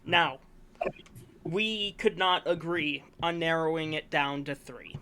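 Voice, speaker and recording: A man co-hosts a casual sports review, presenting awards and announcing the finalists while hiccuping; he rambles, corrects himself, and is enthusiastic about the players. His voice is a little high, slow, sharp, and resonant, and the audio is clear.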